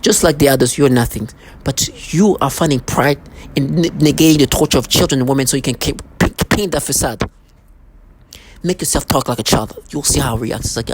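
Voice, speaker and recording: Angry ranting monologue, threatening tone, repeated restarts, mid pitch, faint background noise. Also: a little fast, rough recording.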